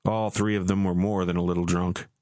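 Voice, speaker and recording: A man narrating an audiobook in a measured, even reading. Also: low voice, no room sound, studio quality.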